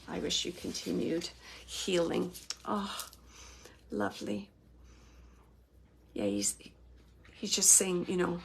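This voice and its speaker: A woman hosts live mediumship readings and passes along spirit messages in the first person. Her voice has a gravelly, husky edge. She talks in a loose, halting way, full of "like" and "um.". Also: lowish voice. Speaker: psychic medium and host.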